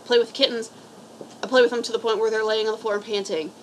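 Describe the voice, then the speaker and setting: A woman's voice: fairly high pitch, fairly even intonation, fast, a little hiss or hum, low-quality recording. A woman from a cat rescue giving casual, blunt advice to camera, rambling and swearing freely.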